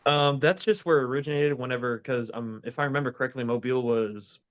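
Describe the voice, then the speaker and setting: Twenties guest, easygoing Southern-Midwestern mix, slightly muffled audio. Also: male voice, mid-range voice, fast talker, clean tone. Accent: mixed Southern and Midwestern. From Indiana, raised on the Gulf Coast. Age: 20s. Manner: easygoing, self-deprecating, hesitant fillers. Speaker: guest, band member. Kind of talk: casual chat.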